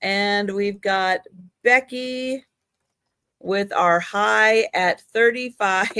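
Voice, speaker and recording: A woman's voice: mid-range voice, extremely slow, bright, forceful tone, clear, resonant tone, no room sound, studio quality. A woman hosting a live online auction, chatty and laughing at her own slips. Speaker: live sale host.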